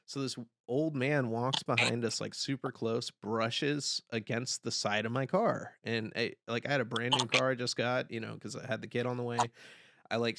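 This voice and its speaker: A young man hosting a podcast, telling a story in casual chat, animated and swearing, loudly yelling the lines he quotes. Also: medium pitch, vocal fry, very noisy. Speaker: podcast host.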